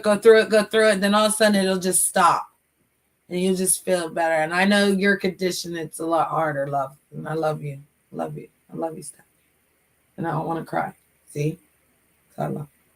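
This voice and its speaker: Chatty emotional woman livestreaming. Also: mid-range voice. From United States. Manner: emotional, chatty, gives shout-outs to chat. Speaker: livestream host. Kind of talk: casual livestream chat.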